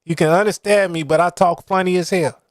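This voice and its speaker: Chicago guy cohosting a podcast, high voice, slangy, cracks jokes. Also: fairly even intonation, a little fast, no room sound, studio quality. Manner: joking, slangy, sharp retorts. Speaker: podcast co-host. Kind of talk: casual chat.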